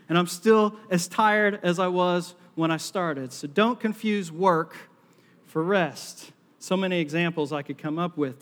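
A man's voice: sits high, fairly bright tone. A middle-aged man with a Southern US accent preaching a sermon on stage, joking and self-deprecating as he talks to the congregation. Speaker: pastor. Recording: long hall reverb.

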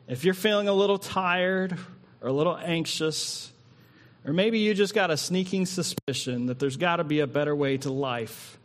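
A man preaching as a pastor, then slowing into an unhurried prayer with long pauses. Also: on the high side. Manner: slow, drawn-out reading and prayer with long pauses. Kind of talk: sermon. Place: church hall. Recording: long hall reverb.

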